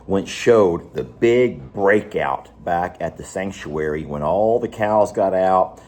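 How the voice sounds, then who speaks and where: A man, talking casually to viewers of his animal sanctuary vlog in a folksy, drawn-out way, outdoors on a farm. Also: low-pitched, a little mellow. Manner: folksy, drawn-out, slow emphasis. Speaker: animal sanctuary owner and vlogger.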